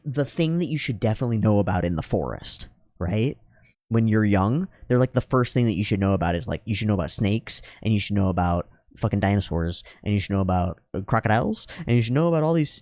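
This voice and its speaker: A man rambling through a profane, philosophical monologue at home while high on drugs. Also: darkish tone, no echo, studio quality. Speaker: YouTuber.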